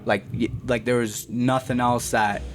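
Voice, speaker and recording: A young Canadian man with a mid-range voice speaks a little slowly over soft background music. He's a boxer telling his story in a casual, slangy interview, animated and calling the host "bro" often.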